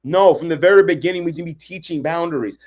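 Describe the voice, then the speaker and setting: A relationship coach teaches about boundaries on a livestream, keeping it conversational and often checking in with "right?". His voice is a little high, a little mellow, and fast.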